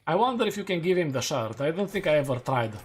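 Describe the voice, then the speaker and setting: A man's voice: on the high side, sing-song, quick pace, slightly rough. A man streaming a game, chatting casually and laughing at his own takes; English is not his first language. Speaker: gaming streamer. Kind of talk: casual gameplay commentary.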